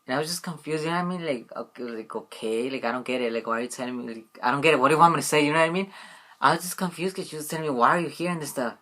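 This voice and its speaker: A man's voice: fairly high pitch, rapid-fire, pushed and bright. Rambling young man vlogging. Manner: rambling, full of "like" and "you know what I mean". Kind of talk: casual storytelling vlog.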